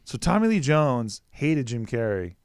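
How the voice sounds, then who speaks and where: A man in his thirties talking movies in casual podcast chat, animated and swearing freely, often breaking into mock quotes. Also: medium pitch, a little slow, smooth, no room sound, clean studio sound. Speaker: podcast guest, Batman historian.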